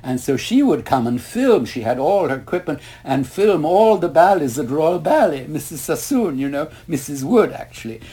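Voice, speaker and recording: An older man with a husky voice, recalling his past in a long interview. He tells his stories in a lively way, slipping into the voices of the people he quotes and breaking into laughter. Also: on the high side, moderate pace, few pauses. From Ireland. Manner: animated, acts out quoted voices, laughs often. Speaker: interview guest. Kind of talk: reminiscing storytelling.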